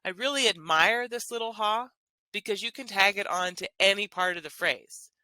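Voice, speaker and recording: A woman's voice: medium pitch, normal speed, bright, forceful tone, dry recording. A woman teaching a language lesson, explaining grammar in an upbeat, enthusiastic way. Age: adult with children.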